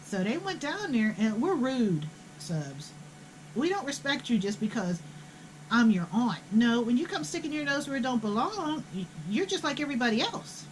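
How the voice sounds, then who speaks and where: A woman's voice: a little high, sing-song, moderate pace, slight background noise, poor audio. An older woman, telling a family story in a blunt, profane, indignant way. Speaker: host. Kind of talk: casual storytelling.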